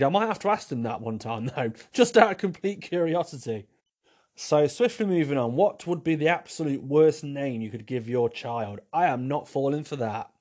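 A man's voice: mid-range voice, a little mellow. A man hosting a podcast, chatting casually through listener questions. He rambles, repeats himself and pokes fun at himself. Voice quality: rambling, repeats himself, wry self-mocking humour. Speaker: podcast host. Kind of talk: casual solo chat answering listener questions.

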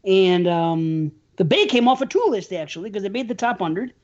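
A man's voice: high-pitched, animated, normal speed. A man co-hosting a casual podcast chat, rambling, swearing casually and laughing often. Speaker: podcast co-host. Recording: dull lo-fi sound.

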